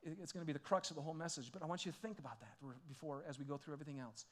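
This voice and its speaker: High-voiced preacher, hushed to loud. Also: male voice, rapid-fire. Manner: swings from hushed, intimate questions to loud, excited exclamations; repeats himself and restarts, laughing often. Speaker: pastor. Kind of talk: sermon.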